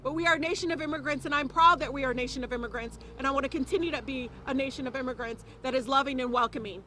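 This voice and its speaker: A woman's voice: sits high, very fast, sharp tone, slight background noise. A woman giving an impassioned press conference speech, emphatic and repeating phrases for stress. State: close to tears at times. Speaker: politician speaking at a press conference.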